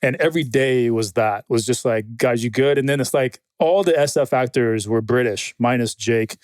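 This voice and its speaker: A man in a casual podcast interview, telling animated stories, swearing freely and quoting other people. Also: medium pitch, moderate pace, no room sound. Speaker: guest, military film consultant.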